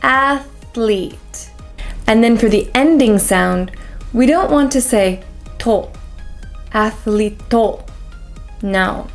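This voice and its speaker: A woman with an American accent teaching pronunciation as a coach, drilling each word slowly and carefully with many repeats. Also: on the high side, expressive, darkish tone, faint music behind. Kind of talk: pronunciation lesson.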